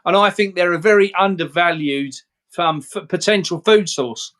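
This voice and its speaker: A man speaks as a guest in a casual chat, earnest and confiding as he shares his views. His voice is notably high. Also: moderate pace, fairly bright tone.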